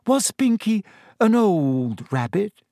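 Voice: medium pitch, sing-song, slow, dark tone, no room sound, studio quality, pitched above the performer's own voice. A reader voicing an earnest, bookish teenage schoolgirl in an audiobook, in a timid, hesitant manner. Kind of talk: audiobook character voice.

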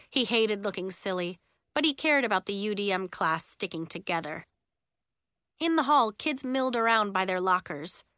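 A woman narrating a children's chapter book in a clear, even storytelling manner. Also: medium pitch, no echo, studio quality. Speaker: audiobook narrator.

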